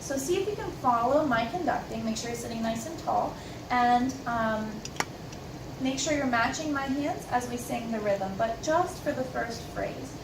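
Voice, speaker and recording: A woman teaching an elementary music lesson, gently encouraging and breaking into sung solfege and rhythm syllables, with a piano in the room. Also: a little high, animated, normal speed, background noise. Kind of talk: recorded music lesson for children. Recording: roomy echo, far from mic, piano music.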